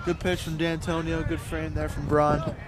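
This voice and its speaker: A man's voice: on the high side, level tone, moderate pace. A man giving casual color commentary on a baseball game in short, agreeable remarks. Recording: outdoor crowd noise at a ballfield.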